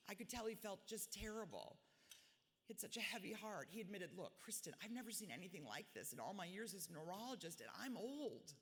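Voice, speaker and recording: Her mid-range voice very animated and her pace brisk, a woman in her forties reads a personal, diary-like speech at a gala. She's blunt and makes fun of herself, and the big hotel ballroom adds a long echo.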